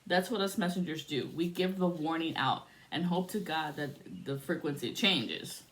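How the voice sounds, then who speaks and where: A woman's voice: low-pitched, expressive, moderate pace, a bit bright. A woman giving a casual spiritual reading, chatty and profane, laughing often and shifting into a spoken prayer to invoke spirits. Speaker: spiritual reader.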